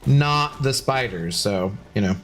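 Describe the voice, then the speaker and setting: A man's voice: medium pitch, expressive, a little slow, soft background music. A man streaming a game and chatting casually with his viewers, joking, sarcastic and swearing freely. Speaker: gaming streamer reading chat. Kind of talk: casual live-stream chat.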